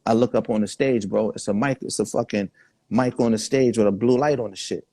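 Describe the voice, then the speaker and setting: A man's voice: fairly low pitch, steady tone, brisk, dark tone, no echo. A man, the guest in a casual interview, telling laid-back stories full of quoted dialogue. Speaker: guest artist.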